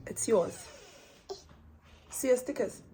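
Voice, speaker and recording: Chatty millennial mom vlogger, echoey room. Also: female voice, fairly high pitch, slow, warm tone, a little hiss or hum. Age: 30s. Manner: chatty, restarts mid-sentence. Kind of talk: casual vlog chat. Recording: echoey room with background music.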